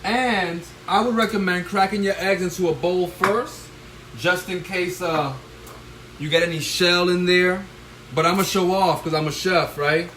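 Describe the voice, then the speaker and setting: A middle-aged man, a chef, hosts a live cooking demonstration in his home kitchen, coaching viewers with repeated "all right?" and bursting into loud whoops. He talks into a handheld phone. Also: high-pitched, fairly even intonation, unhurried. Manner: coaching, tags lines with "all right?" and "okay?". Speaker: chef hosting a cooking stream. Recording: kitchen noise with frying sizzle.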